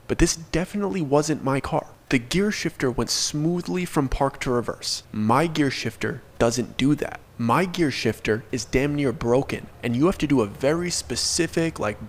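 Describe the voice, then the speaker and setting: Young guy telling his own story to camera, earnest and chatty, says "like" a lot. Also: medium pitch. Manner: earnest, conversational, uses filler "like". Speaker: storyteller and channel creator. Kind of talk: casual first-person storytelling.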